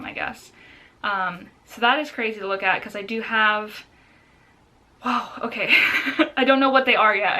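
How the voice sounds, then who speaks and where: A young woman talks casually to her camera in a bright, clear voice. She is chatty and excitable, reacting aloud as she reads through results. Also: mid-range voice. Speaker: vlogger. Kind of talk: casual vlog, reading out test results.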